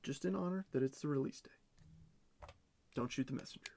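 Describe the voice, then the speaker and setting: A man's voice: mid-range voice, vocal fry, noisy background. Man rattling off trading cards. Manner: rapid rundown of cards, chatting with viewers. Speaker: card break host. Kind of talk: live card break stream.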